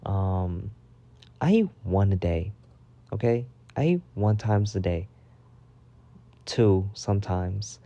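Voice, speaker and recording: A young man telling a casual storytime about school, chatty with lots of fillers and asides, animated and profane, getting loud when riled up. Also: lowish voice, slow, pauses often, lo-fi sound. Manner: chatty with filler words and frequent "okay?" asides.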